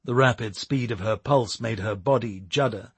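A man giving steady, measured scripted narration of a novel. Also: lowish voice, husky, no room sound. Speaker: audiobook narrator.

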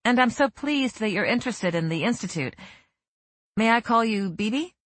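Polished middle-aged fundraiser, polite pro voice, slightly husky, read by a woman. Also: a little high, lively intonation, moderate pace, no echo, pitched above the performer's own voice. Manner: bright, polite professional tone.

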